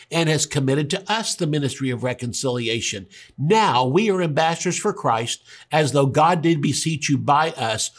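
Man, pastor, sermon, animated storytelling, slightly high voice. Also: breathy edge. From Oklahoma, US. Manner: storytelling preacher, acts out dialogue.

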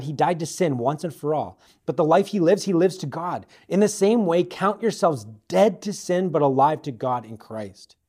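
A man preaching a sermon in a fairly high voice. He presses hard on key lines, then drops to a near-hush for his personal appeals. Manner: dynamic delivery, swinging from loud emphasis to hushed appeals.

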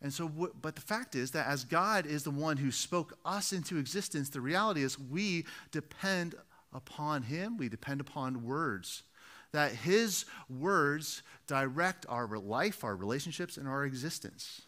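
Guy preaching a sermon, kinda high bright voice, asks lots of questions and repeats stuff. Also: lively intonation, unhurried. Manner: earnest, repetitive, rhetorical questions. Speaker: pastor.

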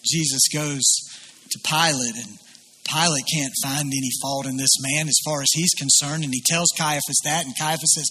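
A man's voice: fairly high pitch, fairly even intonation, normal speed, pushed and bright, breathy edge. A man preaching a sermon, retelling a biblical scene and voicing its people as he goes. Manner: storytelling with voiced quotes of biblical figures. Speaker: pastor.

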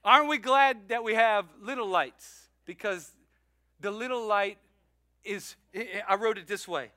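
A man preaching a sermon as pastor, telling a story in an animated, self-mocking way. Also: high-pitched, a little slow, dry recording. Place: church sanctuary.

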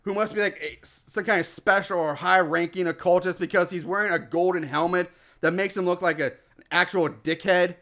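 A man with a fairly high voice talks casually on a podcast, recapping a movie with lots of swearing. He gets animated and laughs often as he goes. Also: brisk. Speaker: podcast co-host recapping a film. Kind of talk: casual chat.

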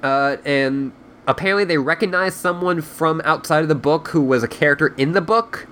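Reading a story and then chatting casually, this man hosting a podcast has a slightly high, sharp-toned voice at normal speed. He leans on lots of fillers, saying "like" again and again.

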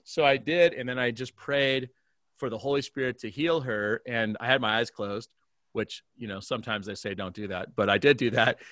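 A man who is a pastor, telling a story in a remote conversation and acting out the dialogue with big swings in pitch and loudness. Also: normal speed, no echo, studio quality. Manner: animated storyteller, acts out dialogue with big jumps in pitch and volume. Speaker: pastor, guest.

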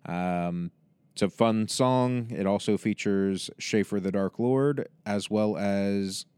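A man's voice: fairly low pitch, darkish tone, smooth, dry recording. A man hosting a podcast, wrapping up the episode in a loose, rambling way with plenty of fillers. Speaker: podcast host. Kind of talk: casual outro address to listeners.

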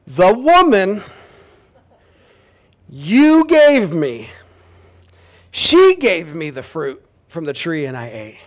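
A man's voice: extremely high pitch, animated, normal speed, few pauses, smooth, voice pushed up. A man reading out the lines of a frightened first man who blames others, in a plaintive, defensive voice.

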